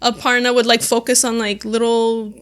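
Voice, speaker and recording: Bright, chatty young woman. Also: a little high, level tone, normal speed, clear, resonant tone. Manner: chatty, lots of "like" and laughs. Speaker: podcast host. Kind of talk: casual chat.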